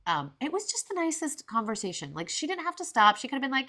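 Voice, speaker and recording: A woman in her forties hosting a podcast, telling a story in a chatty, animated way with lots of fillers and quoted asides. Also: sits high, fast talker. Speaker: podcast host. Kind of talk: casual storytelling monologue.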